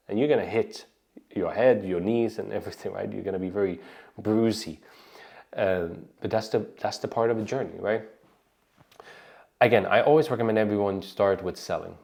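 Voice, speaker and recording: A man with a light Swedish accent coaches his viewers in a relaxed, conversational way. His voice sits fairly low, and he keeps tossing in "right?" and restarting his phrases as he goes. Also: vocal fry. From Sweden. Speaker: online business coach. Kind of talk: casual advice talk to camera.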